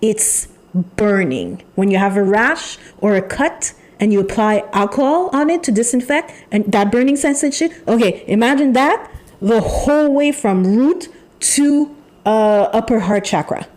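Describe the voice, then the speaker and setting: A woman giving a channeled tarot reading, talking in an emphatic, repetitive way with pauses and sighs. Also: a little high, darkish tone. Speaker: tarot reader.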